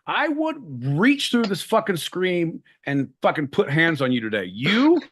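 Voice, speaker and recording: A husky man co-hosting a podcast, swearing freely and sounding exasperated. His pitch jumps about with expression. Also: huge pitch swings, unhurried, fairly bright tone. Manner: exasperated, profane. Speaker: podcast co-host. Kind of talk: casual banter.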